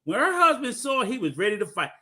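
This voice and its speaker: Guy with a real high bright voice, cussing and riffing, pitch jumping all over. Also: quick pace. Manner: profane, animated storytelling. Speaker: podcast co-host. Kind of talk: casual chat.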